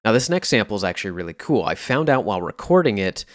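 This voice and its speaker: A man with a fairly low voice walks through his sound samples in a relaxed, explanatory way. The recording is dry and close, with no room sound. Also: quick pace, no echo. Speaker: music producer. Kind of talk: casual tutorial narration.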